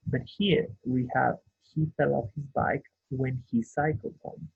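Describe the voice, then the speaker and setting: Slow, gravelly man teaching grammar. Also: medium pitch, fairly even intonation. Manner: patient, explains step by step and checks in with "right?". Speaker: English teacher. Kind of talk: grammar lesson. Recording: tinny phone-like sound.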